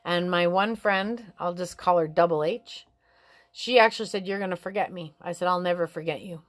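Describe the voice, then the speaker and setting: A woman talking in a frank, rambling way about life and relationships, swearing freely and climbing high in pitch when she gets animated. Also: moderate pace. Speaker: vlogger giving life advice. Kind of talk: casual spiritual chat.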